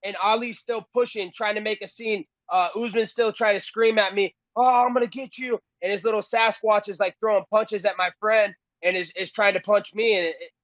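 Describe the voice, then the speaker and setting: A cocky fighter mocks his rivals in a high, boastful voice. The sound is close, dry and slightly dull, with no room around it. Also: fairly even intonation, a little fast, few pauses, a bit bright, no echo. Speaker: fighter being interviewed. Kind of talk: boastful trash talk.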